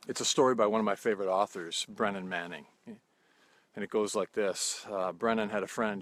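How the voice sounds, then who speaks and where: A man preaching a short sermon outdoors, telling a story in a gentle, unhurried way with soft pauses. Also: fairly low pitch. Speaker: pastor. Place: outdoors at sunrise.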